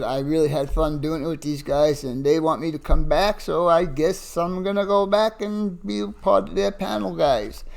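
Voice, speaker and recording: A man hosting a casual livestream, greeting viewers one by one with frequent fillers and laughs. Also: fairly high pitch. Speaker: livestream host.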